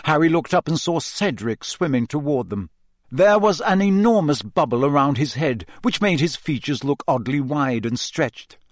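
A man giving a measured, expressive scripted narration of a fantasy novel. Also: a little high, no room sound, studio quality. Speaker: audiobook narrator.

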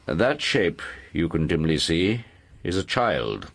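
An actor playing a calm, authoritative aristocratic explorer lecturing scholars in an audiobook. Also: male voice, sits low, slow pace, creaky, full character voice. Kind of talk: audiobook dialogue.

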